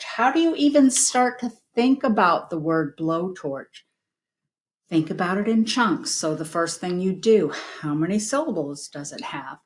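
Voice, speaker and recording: A woman teacher giving an online phonics lesson, patiently sounding out words slowly. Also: fairly low pitch, lively intonation. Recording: echoey room.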